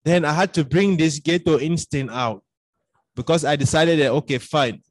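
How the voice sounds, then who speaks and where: High-voiced Cameroonian man telling a dramatic story. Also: normal speed, dry recording. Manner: dramatic storyteller, acts out his own past dialogue. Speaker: podcast guest. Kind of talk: storytelling in casual conversation.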